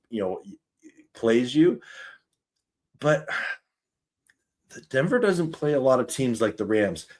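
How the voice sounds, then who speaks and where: A man's voice: mid-range voice, darkish tone. Upbeat Canadian man predicting football games. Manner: chatty, upbeat, self-deprecating. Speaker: sports podcast host. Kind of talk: casual sports prediction talk.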